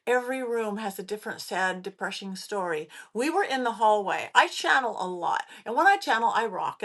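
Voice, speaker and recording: Animated woman telling spooky stories. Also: medium pitch. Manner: animated, acts out quoted voices. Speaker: podcast host; psychic medium. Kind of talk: casual spooky storytelling.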